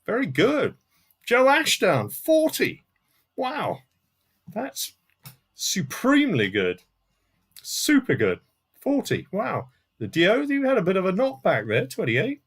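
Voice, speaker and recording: A man's voice: high-pitched, huge pitch swings, slow pace, long pauses, fairly bright tone, slightly rough. A man hosting a live-streamed music quiz from home, reading out answers and scores with dry joking asides. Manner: chatty, with asides and dry jokes. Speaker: quiz host. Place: home room in front of a CD collection.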